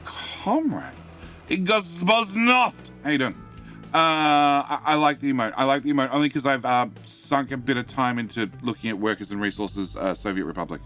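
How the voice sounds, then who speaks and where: A middle-aged Australian man with a light accent chats casually on a game live stream, his medium-pitched, fairly bright voice at normal speed over faint background music. Self-mocking and rambling, he reads chat aloud and answers it with many fillers and restarts.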